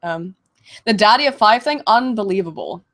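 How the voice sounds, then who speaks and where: Woman streamer, mid-pitched, just over a cold, loose and profane, laughs a lot. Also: animated, normal speed, a bit bright. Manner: laughs often, swears freely, loose and offhand. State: coming out of a cold, clears throat. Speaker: streamer answering viewer questions. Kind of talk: casual livestream chat.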